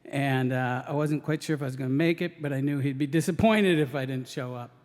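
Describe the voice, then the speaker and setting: A man's voice: medium pitch, brisk, a little mellow, long reverb tail. A man doing live stand-up storytelling, hesitant and full of ums, laughing through his lines. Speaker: stand-up comedian. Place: live radio stage before an audience.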